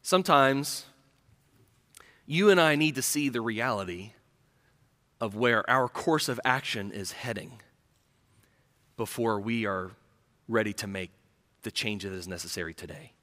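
Bright-voiced preacher in an echoing hall. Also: male voice, medium pitch, animated, measured pace, long pauses. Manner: storytelling, earnest, dropping to a hush on key lines. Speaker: pastor. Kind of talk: sermon. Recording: reverberant hall.

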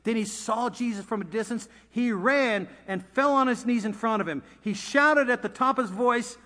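A man's voice: very high-pitched, normal speed, bright, forceful tone. A male preacher giving a casual, storytelling sermon with dramatic swings in delivery, heard in a church sanctuary. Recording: long hall reverb.

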